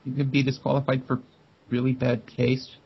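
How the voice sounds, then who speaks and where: Gravelly man tossing dry one-liners. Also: medium pitch, completely flat delivery, normal speed. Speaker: podcast co-host. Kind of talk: casual wrestling review chat. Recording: dull lo-fi podcast audio, faint hiss.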